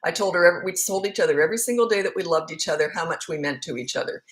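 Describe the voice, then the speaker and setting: A woman's voice: fairly low pitch, rapid-fire. A middle-aged woman, a parenting coach, answering viewer questions in a casual, blunt and frank way, repeating words for emphasis.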